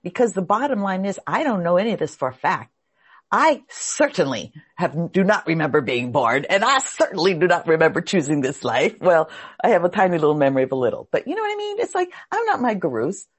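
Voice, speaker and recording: A woman's voice: lowish voice, big pitch swings, brisk, husky. A woman teaching a spiritual class, speaking earnestly and with feeling as she searches for her words.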